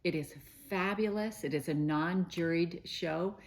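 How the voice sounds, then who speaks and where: A middle-aged woman hosts a quilting news show, chatting casually to camera in a gushing way full of fillers and restarts. Her voice is lowish and a little slow.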